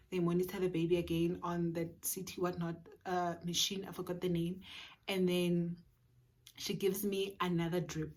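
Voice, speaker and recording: A woman with a South African accent telling a personal story for her storytime vlog, earnest and full of emphatic repetition. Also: on the low side. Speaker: vlogger.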